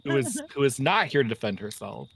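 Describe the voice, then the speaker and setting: A man's voice: mid-range voice, very animated, fairly quick, vocal fry, over a noisy crowd. A man chatting while playing a game with friends, blunt and teasing. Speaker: streamer. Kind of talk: casual gaming stream chat. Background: game music.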